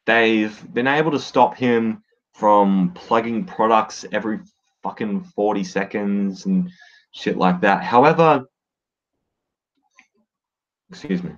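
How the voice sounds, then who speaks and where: Casual male podcaster, low voice, dull lo-fi mic, blunt and sweary. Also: steady tone, measured pace. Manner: blunt, swears freely, many fillers. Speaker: wrestling podcaster. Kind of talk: casual solo commentary. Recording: dull lo-fi sound.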